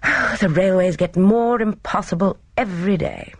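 A woman's voice: medium pitch, moderate pace, husky, no room sound, pitched above the performer's own voice. Woman voicing a pompous theatrical young man. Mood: self-important. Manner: dramatic, self-important.

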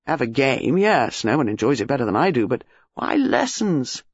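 Gruff scowling Englishman, clipped, husky and dry, voiced by a male reader. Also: mid-range voice, big pitch swings, moderate pace, no room sound, lo-fi sound. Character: gruff middle-aged Englishman, suspicious and scowling.

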